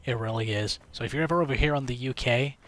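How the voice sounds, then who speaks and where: A man's voice: mid-range voice, quick pace, fairly bright tone, a little hiss or hum. A man livestreaming a game late at night, telling a long rambling story in casual chat, swearing freely. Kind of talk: casual chat while gaming.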